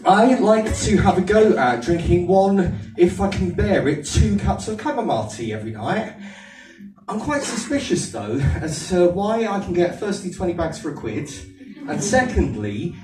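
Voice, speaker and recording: Stand-up man, Aldershot accent, a little higher than most and very lively, self-mocking and chatty with the crowd, getting over a cold; heard from far off in an echoey room. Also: noisy background. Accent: Aldershot English. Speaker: stand-up comedian. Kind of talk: stand-up comedy set. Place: comedy venue with a live audience. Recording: echoey room, distant mic, audience laughter.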